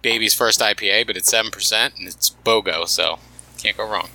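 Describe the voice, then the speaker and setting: A man's voice: lowish voice, a little fast, sharp tone, low-quality recording. A man from New Jersey with a New Jersey accent, co-hosting a podcast in casual, joking chat and swearing freely. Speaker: podcast co-host.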